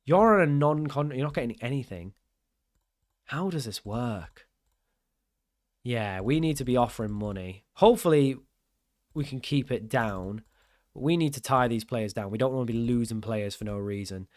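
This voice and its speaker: A young man talks through a management game as he plays, thinking aloud and often puzzled by the rules, poking fun at himself along the way. His voice sits at an ordinary middle pitch, recorded close and dry with no room sound. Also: animated, moderate pace, pauses often, darkish tone, no echo. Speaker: gaming channel host. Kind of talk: casual gameplay commentary.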